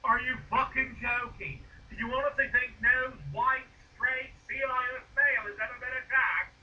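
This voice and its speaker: A man ranting loudly and profanely, mocking his opponent. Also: very high voice, steady tone, moderate pace, recorded from a distance, highs cut off. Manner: loud, profane, mocking rants. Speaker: video creator being rebutted. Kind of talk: ranting commentary.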